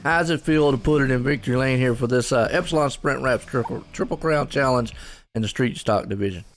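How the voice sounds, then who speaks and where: A man's voice: medium pitch, fairly quick, slight background noise. A man co-hosting a racing broadcast, introducing drivers and interviewing the winner in an easygoing way, full of folksy catchphrases. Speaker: race broadcast co-host. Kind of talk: race commentary and interview.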